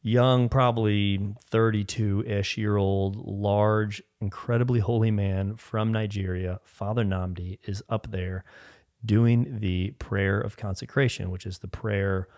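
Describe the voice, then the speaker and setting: Low-voiced man telling a rambling story. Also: steady tone, slow pace, a little mellow, dry recording, clean studio sound. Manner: rambling storyteller, frequent "like" and restarts. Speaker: podcast guest. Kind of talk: casual faith testimony.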